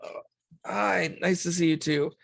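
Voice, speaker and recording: A man's voice: high voice, steady tone, a little slow, creaky, a bit bright, no room sound, clean studio sound, full character voice. A man voicing a nervous young male guide who stammers and hesitates. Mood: awkward. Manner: hesitant, stammering, repeating words.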